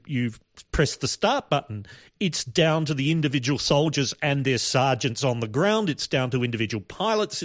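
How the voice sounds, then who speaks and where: A man's voice: on the high side, no room sound, studio quality. Thoughtful rambling male podcast host. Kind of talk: casual commentary.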